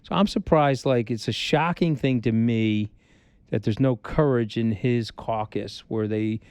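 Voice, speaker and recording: Speaking a little slowly in a medium pitch, a middle-aged podcast guest makes his points with blunt emphasis, going over them again and performing quotes as he tells his stories. The conversation is candid, and his clean voice carries no room sound.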